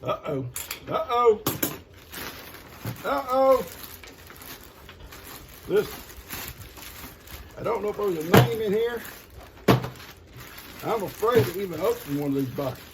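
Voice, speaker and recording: An older man talks in a folksy, rambling way, chuckling as he goes. His voice sits high for a man and swings up and down a lot. A steady hiss of noise runs under the recording. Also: normal speed, long pauses. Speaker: vlogger opening gifts. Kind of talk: casual chat to viewers.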